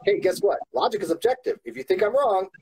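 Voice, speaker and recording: Husky-voiced man in earnest chat. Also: high-pitched, quick pace, low-quality recording. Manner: earnest, lively, repeats words when starting sentences. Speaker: YouTuber. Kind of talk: casual chat.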